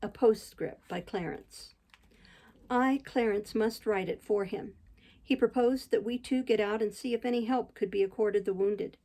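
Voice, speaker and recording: A woman reading a classic novel aloud in a measured, steady storytelling manner. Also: mid-range voice, low-quality recording. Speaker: audiobook reader. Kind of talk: audiobook narration.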